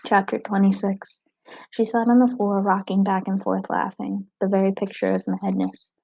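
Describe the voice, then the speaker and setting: A woman reading a novel aloud, narrating in a steady, even way. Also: medium pitch, moderate pace, vocal fry, noisy background. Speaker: audiobook reader.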